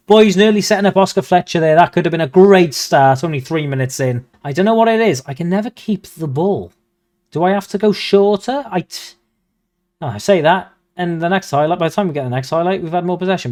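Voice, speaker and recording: A young man plays the commentator over his own football management game, jumping between hushed asides and loud bursts of excitement. His voice sits a little higher than most men's. He talks into a desk mic at home. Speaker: gaming video host.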